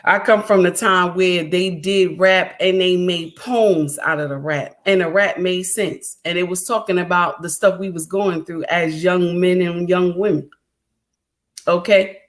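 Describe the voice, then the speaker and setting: A woman's voice: fairly low pitch, fairly even intonation, unhurried. Emphatic middle-aged woman livestreaming commentary. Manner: emphatic, repetitive, addresses viewers directly. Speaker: livestream host.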